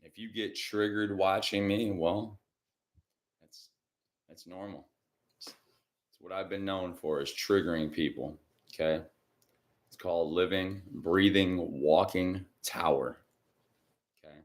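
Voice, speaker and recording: Deep-voiced guy rambling on a psychic livestream, chatty, clears his throat a lot. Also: fairly even intonation, measured pace, long pauses. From Michigan. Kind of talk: casual livestream chat. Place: indoors at home.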